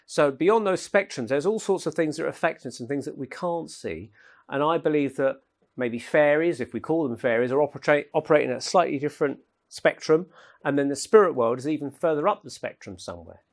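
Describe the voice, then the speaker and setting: A man's voice: on the high side, animated, a little fast. Chatty man giving a paranormal talk. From England. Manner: chatty, anecdotal, laughs at own jokes. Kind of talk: informal lecture with anecdotes. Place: lecture room at an event.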